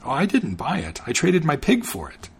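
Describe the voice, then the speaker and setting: Naive, cheerful young man, delighted at every trade, husky and animated; a male narrator puts him on. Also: a little high, moderate pace, full character voice.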